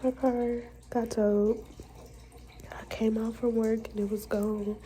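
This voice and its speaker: A woman's voice: mid-range voice, monotone, measured pace, mellow, a little hiss or hum, low-quality recording. A young woman, venting frankly and with profanity in a personal vlog. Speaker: vlogger.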